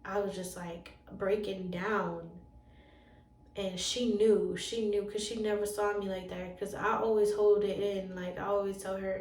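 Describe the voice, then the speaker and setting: A woman telling an emotional personal storytime, halting and repeating phrases for emphasis. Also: mid-range voice, level tone, a little mellow. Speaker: relationship wellness coach. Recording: roomy sound from a distant mic.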